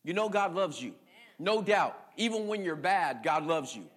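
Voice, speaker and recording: A middle-aged man preaching with a high-pitched voice. He swings from raised, shouted lines down to a near-quiet storytelling tone and keeps calling out questions to the congregation. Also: lively intonation, normal speed. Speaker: pastor. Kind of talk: sermon.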